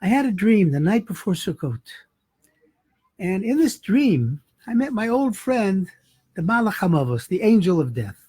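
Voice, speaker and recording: A man voicing a poor but cheerful Hasidic man who speaks warmly. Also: sits high, big pitch swings, moderate pace, husky, no room sound, full character voice. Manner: warm, cheerful.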